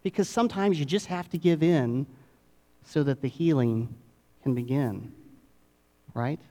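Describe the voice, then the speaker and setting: A middle-aged male pastor delivers a sermon in a slightly high voice. He lets phrases hang with dramatic pauses, falling into quiet, confiding asides before lifting to emphatic peaks. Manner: dramatic pauses, swings between hushed and emphatic.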